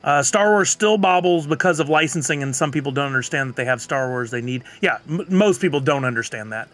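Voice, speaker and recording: A man's voice: a little high, expressive, brisk, a bit bright. A man streaming live, chatting casually and answering viewers' comments. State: has the hiccups.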